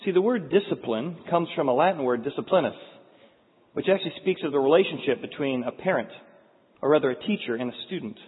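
High, husky-voiced male preacher. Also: fast. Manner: animated storytelling with frequent restarts. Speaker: pastor. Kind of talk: sermon. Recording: phone-like sound in echoey hall.

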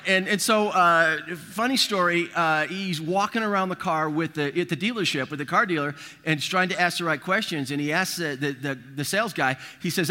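A man preaching to a congregation, weaving humorous stories and acted-out quotes into his sermon. His voice is bright and forceful, sitting a little high. The sound rings with the long reverb of a large church hall. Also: a little fast, hardly any pauses. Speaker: pastor.

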